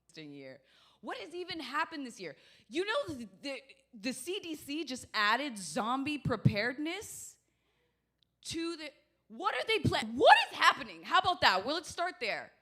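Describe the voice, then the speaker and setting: A woman doing stand-up comedy, telling stories in a brash, profane, animated way. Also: on the high side.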